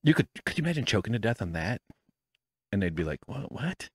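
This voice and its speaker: Fast-talking and sing-song, this podcast host has a lowish voice with a breathy edge, captured in a dry recording. He rambles casually from his home studio on a studio mic with headphones, self-deprecating and swearing freely.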